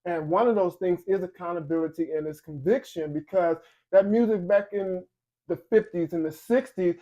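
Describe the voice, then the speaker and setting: A man's voice: high voice, normal speed, lo-fi sound. A man hosting an interview, earnest and emotional, with frequent affirmations. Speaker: host. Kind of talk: casual interview. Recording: echoey hall with loud music.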